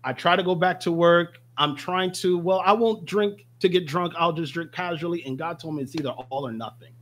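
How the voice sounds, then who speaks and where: A young man shares his faith testimony with real energy, his voice a little higher than most men's. He tells the story in a lively way and slips into the voices of the people he quotes. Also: normal speed, a little hiss or hum. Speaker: pastor. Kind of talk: personal testimony in conversation.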